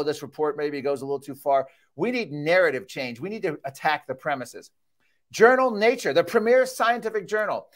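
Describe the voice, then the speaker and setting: A man giving a heated, sarcastic keynote speech at a conference, reading out quotes and getting worked up. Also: high voice. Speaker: keynote speaker. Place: conference hall.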